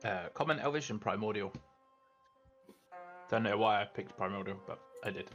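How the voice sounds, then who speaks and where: A man's voice: on the low side, normal speed, a bit bright, faint music behind. A man player chatting casually and offhandedly at a tabletop game. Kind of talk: casual chat. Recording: dull lo-fi audio.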